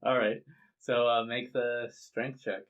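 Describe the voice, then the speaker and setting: Slow, bright-voiced male game master. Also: medium pitch, little pitch movement, highs cut off. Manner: easygoing, halting narration with fillers. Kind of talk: narrating a tabletop game.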